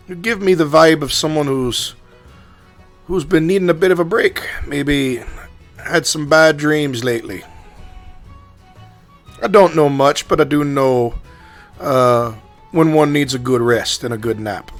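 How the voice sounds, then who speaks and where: Man voicing a grandmotherly old halfling priestess, high sweet voice, wobbly Irish-to-Jamaican accent, tabletop game. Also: measured pace, pauses often, faint music behind. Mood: soothing. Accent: put-on Irish drifting into Jamaican. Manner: doting, calls people dearie and love. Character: tiny rotund elderly halfling priestess, motherly.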